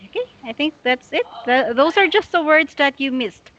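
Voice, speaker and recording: A woman tutoring English one-on-one, patiently and slowly correcting a student's pronunciation. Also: sits high, expressive, fairly bright tone. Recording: dull lo-fi audio.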